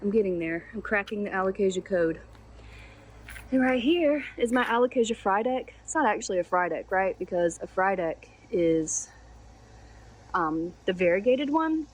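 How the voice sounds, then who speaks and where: A woman hosting a casual houseplant tour outdoors, chatty and gushing, quick to poke fun at her own plant care. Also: mid-range voice, lively intonation. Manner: chatty, gushing and self-deprecating. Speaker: plant channel host. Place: outdoors on a sunny day.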